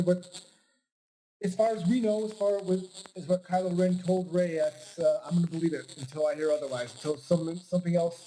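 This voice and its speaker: Mellow higher-voiced guy chatting casually. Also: rough recording. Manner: hesitant, restarts with repeated "I". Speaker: podcast co-host. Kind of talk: casual chat. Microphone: home podcast mic.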